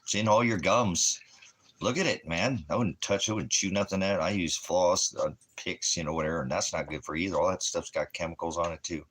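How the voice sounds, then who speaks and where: A man's voice: low-pitched, fast talker, few pauses, fairly bright tone, breathy edge. A man hosting an internet ministry channel, talking in a rambling online monologue that keeps drifting into jokes he laughs at himself.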